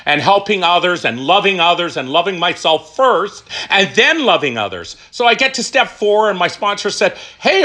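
A middle-aged man telling his recovery story, emphatic and animated, asking questions and answering them himself. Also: high-pitched. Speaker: recovery speaker. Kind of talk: personal testimony talk.

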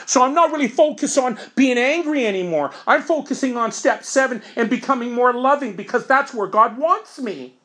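A woman's voice: on the high side, a bit bright. A woman giving an informal talk on recovery steps, explaining each one conversationally through first-person examples. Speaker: recovery program speaker.

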